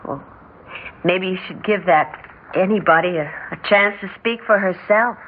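An actress playing a tender young mother, speaking softly and from the heart in 1940s radio style. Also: on the low side, normal speed, husky. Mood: heartfelt. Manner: soft, heartfelt. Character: young mother torn between two brothers, tender. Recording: tinny old radio broadcast with faint hiss.

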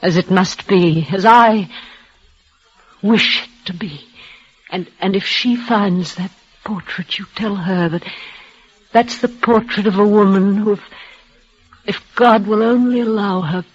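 An actress voicing a dying, devoted young woman in an old radio drama, speaking in breathless, halting, emotional bursts. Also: mid-range voice, husky. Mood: resigned, tender. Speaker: leading lady in a radio play. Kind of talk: 1940s radio acting. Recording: dull lo-fi old radio recording.

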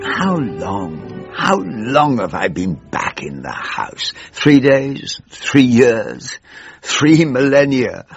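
An older man with a husky drawl, playing a weary, pompous member of parliament in a radio comedy monologue. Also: mid-range voice, no room sound, exaggerated voice. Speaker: weary elderly backbench politician narrating his woes. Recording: muffled dry radio recording.

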